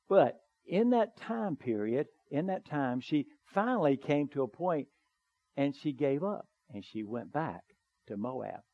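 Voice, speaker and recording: A man preaches in a folksy, conversational way, now and then rising to emphatic declarations. His voice sits a bit high for a man. The recording is dry and somewhat dull. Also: no room sound. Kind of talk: sermon.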